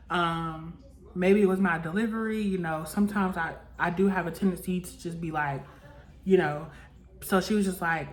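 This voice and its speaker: A young woman in casual chat, recapping a reality show, talking loosely with lots of "like" and acting out what people said. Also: lowish voice. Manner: chatty, full of "like" and acted-out quotes.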